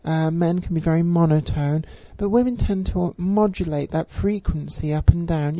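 A woman giving an informal voice tutorial, with crisp, careful enunciation and frequent ums. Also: on the low side, moderate pace, hardly any pauses, no room sound. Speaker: voice coach. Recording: slightly muffled lo-fi recording.

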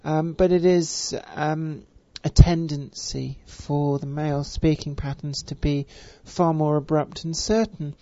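A voice coach, speaking with deliberately stretched vowels and a careful, refined pronunciation, with frequent fillers. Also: female voice, sits low, steady tone, mellow, no room sound. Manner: measured, elongated vowels, many fillers. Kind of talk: spoken voice lesson. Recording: dull, dry recording.

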